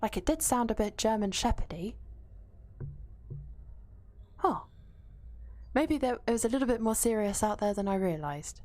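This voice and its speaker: A woman's voice: a little high, animated, moderate pace, pauses often, a little mellow. A young woman streaming a video game, chatting casually, swearing freely and reading out her chat.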